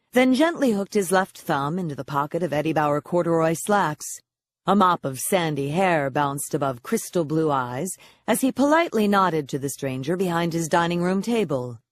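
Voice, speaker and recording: A woman narrating an audiobook in a wry, expressive storytelling manner on a close microphone. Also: deep voice, no echo. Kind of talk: scripted narration.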